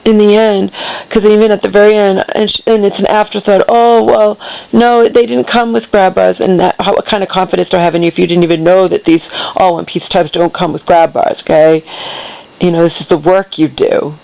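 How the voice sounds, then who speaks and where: A woman vents on her vlog in a heated monologue, swearing and circling back to the same complaints. Her voice has a gravelly, fried edge. The recording sounds dull and lo-fi. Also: on the low side, little pitch movement, fairly quick. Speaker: vlogger. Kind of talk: angry venting monologue.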